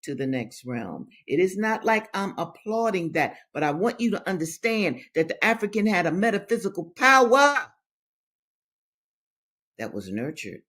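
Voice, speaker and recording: A woman's voice: lowish voice, very animated, normal speed, a bit bright. A woman hosting a reading show, reading aloud and commenting, repeating phrases for stress and speaking straight to her listeners. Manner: addresses listeners directly as brothers and sisters. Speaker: host reading books to her audience.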